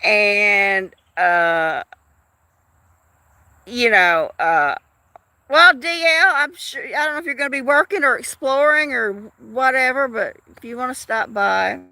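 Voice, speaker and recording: A woman's voice: on the high side, slow, bright, forceful tone, dry recording. A woman in her fifties, chatting casually to viewers of her live stream in a rambling, talkative way. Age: 50s. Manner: rambling, chatty, with frequent restarts and laughs.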